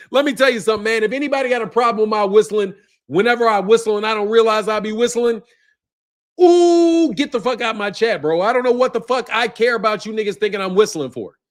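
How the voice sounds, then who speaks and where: A man hosting a casual boxing livestream, ranting profanely, laughing and tacking "bro" onto his lines. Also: extremely high pitch.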